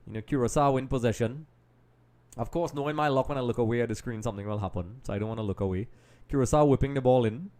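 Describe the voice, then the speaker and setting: A man's voice: medium pitch, fast, darkish tone. Chatty man hosting a live match watch-along. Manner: chatty, talks straight to viewers as folks; distracted, multitasking while commenting. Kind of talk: casual live match commentary.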